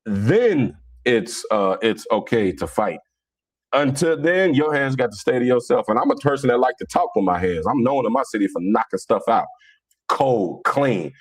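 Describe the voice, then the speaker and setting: Blunt streetwise man talking fast. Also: medium pitch, expressive. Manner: streetwise, boastful, blunt slang. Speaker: speaker on religion. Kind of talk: casual monologue.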